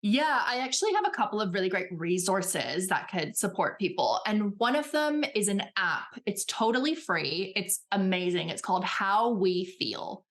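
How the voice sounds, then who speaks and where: A woman coach speaking as a podcast guest, animated and chatty, often acting out little voices in her examples. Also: mid-range voice, moderate pace, hardly any pauses. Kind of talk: casual chat.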